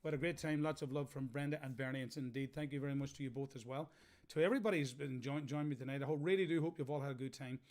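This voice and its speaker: A man's voice: mid-range voice, very fast. An Irish man hosting a live stream from home, chatting casually between songs and reading out viewer comments. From Ireland. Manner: chatty, relaxed, local turns of phrase. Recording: live stream with loud music behind. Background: music.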